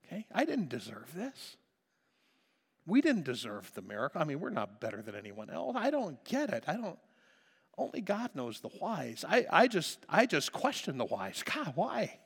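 A pastor preaching a passionate sermon, dropping to a hush and then rising to loud emphasis. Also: male voice, fairly high pitch, huge pitch swings, normal speed, vocal fry, slightly rough. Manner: impassioned, swinging between hushed and loud. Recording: reverberant hall.

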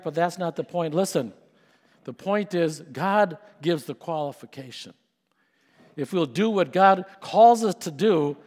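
A middle-aged male pastor preaching a sermon, building to emphatic peaks and then dropping to hushed tones. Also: fairly high pitch, long reverb tail.

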